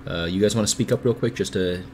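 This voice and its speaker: Rambling male podcast host, slightly low. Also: fast talker, darkish tone, a little hiss or hum. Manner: rambling, self-deprecating, many fillers and restarts. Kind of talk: casual livestream chat.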